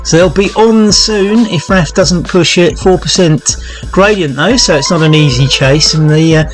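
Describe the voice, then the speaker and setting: A man with a slightly high voice commentates a virtual cycling race in a loose, chatty way. He calls out gradients and gaps between riders, with lots of ums and uhs. Faint music plays behind him. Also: moderate pace. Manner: chatty, relaxed, with many fillers and gradient call-outs.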